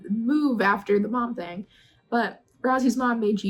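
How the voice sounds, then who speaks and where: Young woman in her twenties, breathy, earnest vlog chatter to camera. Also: a little high, unhurried, soft background music, poor audio. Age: 20s. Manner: chatty, earnest, rising into excited questions. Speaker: vlogger. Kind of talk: casual talking-to-camera vlog.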